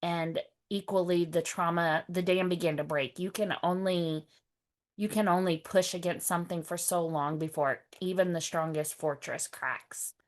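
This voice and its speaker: A woman's voice: lowish voice, steady tone, moderate pace. A woman guest speaking candidly about her past, often quoting what others said to her. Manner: candid, wry, quotes others' words. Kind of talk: personal testimony.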